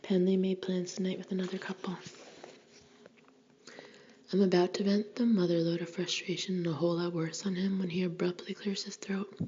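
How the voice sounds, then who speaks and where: Woman whispering a novel aloud, lowish voice, dull lo-fi sound with a bit of hiss. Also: level tone, moderate pace, a little mellow. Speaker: audiobook narrator. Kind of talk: whispered audiobook narration. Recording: dull lo-fi recording with faint hiss.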